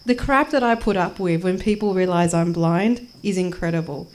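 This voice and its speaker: Her voice sits fairly low, moderately paced and a little mellow. She's an Australian woman in her twenties doing brash, jokey stand-up and spoken word live in a small space, acting out the people she quotes.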